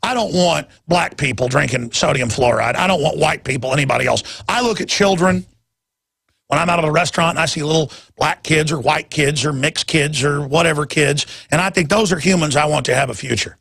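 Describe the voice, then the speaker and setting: Radio host guy ranting and rambling, gravelly and husky, kinda high voice, dry sound. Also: brisk, no room sound. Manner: ranting, rambling, with sudden loud emphatic jumps. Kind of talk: talk radio monologue.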